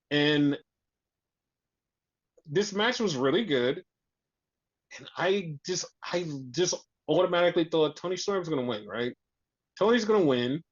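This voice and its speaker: Casual podcast co-host, animated and profane, recapping wrestling over a dull, lo-fi recording. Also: mid-range voice. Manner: animated, swears freely, acts out quotes.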